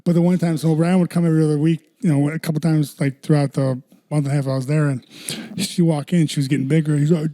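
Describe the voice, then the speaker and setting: Dude swearing his way thru a story, slightly high voice, acting out everybody's lines. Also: fast. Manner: animated, swears a lot, acts out quotes. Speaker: podcast co-host. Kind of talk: casual chat, storytelling.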